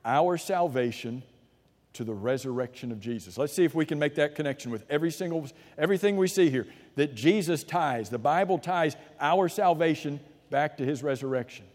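A man preaching a sermon, swinging from loud, rising emphasis to hushed, low asides and answering his own rhetorical questions. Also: lively intonation, brisk, big-room sound.

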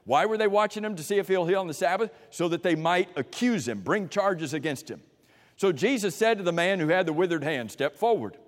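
A man preaching a sermon in an animated way, swinging from emphatic peaks to quiet asides, in a church sanctuary. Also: high voice, fairly quick, long reverb tail.

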